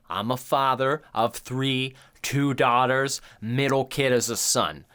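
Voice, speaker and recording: This podcast co-host is a man in his thirties whose casual chat wanders loosely and profanely as he retells events, doing the voices of the people he quotes. He speaks at a measured pace in an expressive mid-range voice with a fairly bright tone.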